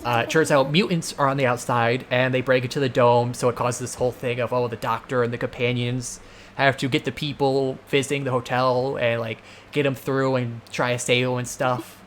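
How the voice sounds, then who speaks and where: A man's voice: medium pitch, level tone, a little fast, a bit bright, slight background noise. A man hosting a game playthrough, talking casually with lots of filler words and slipping into exasperated rants. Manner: rambling, full of filler words; exasperated ranting. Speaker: let's play host. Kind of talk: casual gameplay commentary.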